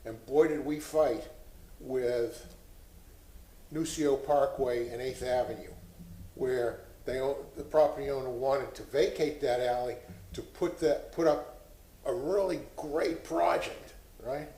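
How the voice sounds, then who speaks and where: A man's voice: medium pitch, slow pace, warm tone, echoey room, poor audio. A man on a city board speaking with passion and a preachy tone at a public meeting. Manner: impassioned, preachy. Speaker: board member.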